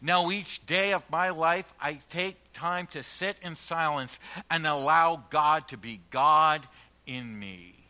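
A man delivers a sermon in a church, his voice sitting a little high and cutting through with a sharp, forceful edge. He preaches earnestly, leaning hard on key phrases, then lets the ends of his lines fall away. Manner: earnest, emphatic preaching with slowed stressed phrases and trailing quiet endings. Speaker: pastor.

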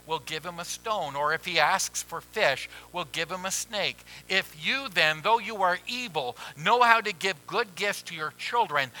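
A man preaching a sermon as pastor, who drops to hushed near-whispers and rises to loud pleading. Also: a little high, low-quality recording.

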